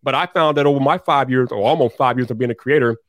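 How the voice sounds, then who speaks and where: A man in his forties hosts a podcast with an energetic, emphatic delivery and casual slang. He talks quickly, and the sound is close and dry. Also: mid-range voice, no echo. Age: 40s. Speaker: podcast host.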